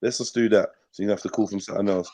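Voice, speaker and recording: A man's voice: lowish voice, fairly even intonation, very fast, dark tone. A man hosting a live call-in show, joking and repeating himself in casual slang. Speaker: host.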